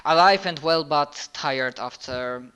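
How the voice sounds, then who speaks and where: A man with a bright, smooth voice plays his part in a tabletop game. He talks slowly and haltingly, stopping often to restart his sentences. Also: a little high. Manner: halting, with many fillers and restarts. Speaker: player. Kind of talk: playing a tabletop role-playing game.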